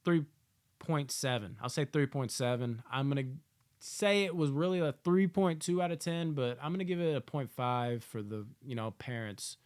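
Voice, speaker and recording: A man giving a casual movie review, swearing often and acting out characters in loud, yelling asides. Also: medium pitch, moderate pace, smooth.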